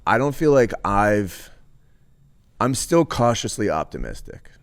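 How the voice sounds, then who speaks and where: A man hosting a podcast in casual chat, upbeat, laughing easily and tossing in quick asides. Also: on the low side, very animated. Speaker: podcast host.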